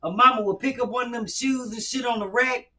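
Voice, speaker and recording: A woman's voice: fairly high pitch, brisk. A woman comedienne hosting a podcast, joking brashly and profanely and acting out scolding mothers. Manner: brash, profane, acts out scolding moms in lively voices. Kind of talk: casual comedic chat. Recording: distant mic with faint noise.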